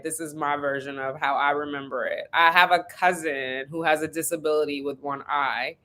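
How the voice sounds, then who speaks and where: Woman, lowish voice, chatty live-stream host telling animated stories from home. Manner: chatty, animated storytelling with laughs. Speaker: vlogger hosting a live stream. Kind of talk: casual live-stream chat.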